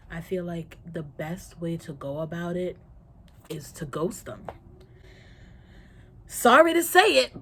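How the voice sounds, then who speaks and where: A young woman answering viewer questions in a casual vlog, playful and slangy, quick to laugh and swing into mock drama. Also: mid-range voice, a little hiss or hum. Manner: slangy, chatty. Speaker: vlogger.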